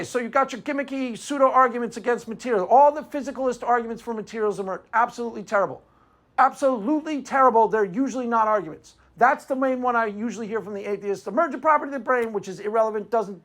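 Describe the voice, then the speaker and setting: A man's voice: high voice, fairly bright tone. A man giving a combative, sarcastic monologue on philosophy, often asking himself "why?" before answering. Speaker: apologetics commentator. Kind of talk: argumentative monologue.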